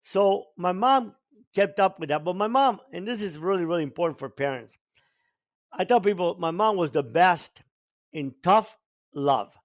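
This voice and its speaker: Older guy from cuba telling his story on a podcast, pretty high voice, leans hard on words. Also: animated, normal speed. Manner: emphatic, repeats words for stress. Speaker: podcast guest. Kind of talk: storytelling in an interview.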